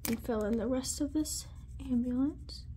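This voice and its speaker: A woman's voice: high voice, moderate pace, background noise. A woman vlogging at her desk at home, chatting casually while counting cash aloud under her breath with little asides. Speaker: budgeting vlogger.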